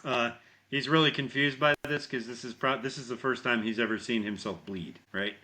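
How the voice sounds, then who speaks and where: A man co-hosts a podcast and retells a horror film scene by scene, swearing freely and acting out the characters' lines. His voice is bright and forceful at a middling pitch. He keeps it loose and conversational, like talking with a friend. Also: moderate pace. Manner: animated storyteller, heavy swearing, acts out lines. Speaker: podcast co-host. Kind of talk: casual movie recap chat.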